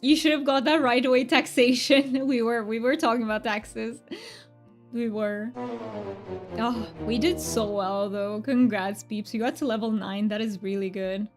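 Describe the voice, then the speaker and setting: A woman's voice: a little high, steady tone, moderate pace, soft background music. A woman livestreaming a cozy game, chatting with her viewers in a bubbly, upbeat way and laughing often. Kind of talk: casual live-stream chat.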